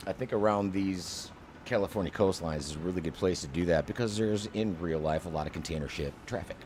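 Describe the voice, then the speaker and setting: Very deep-voiced man calling a sim flight. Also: fairly quick, darkish tone, slight background noise. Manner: enthusiastic, explains as he flies. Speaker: flight sim channel host. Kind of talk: casual co-op flight sim chat.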